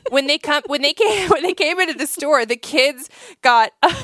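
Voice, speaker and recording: A woman co-hosting a podcast from Iowa, telling a story in a lively casual way, acting out what people said and laughing often. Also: high-pitched, moderate pace, no echo, studio quality. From Iowa, USA. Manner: animated storyteller, acts out quotes, laughs often. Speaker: podcast co-host.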